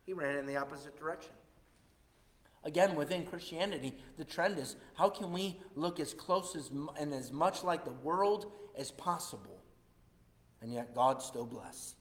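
A man preaching a sermon as pastor, animated, swinging between loud and hushed delivery. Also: on the high side, moderate pace. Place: church. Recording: echoey church hall.

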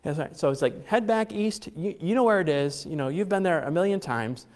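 A middle-aged pastor with a high-pitched, expressive, slightly mellow voice preaches briskly to his congregation. His sermon is chatty and conversational, full of joking asides, fillers and restarts, and a long hall reverb hangs on the recording.

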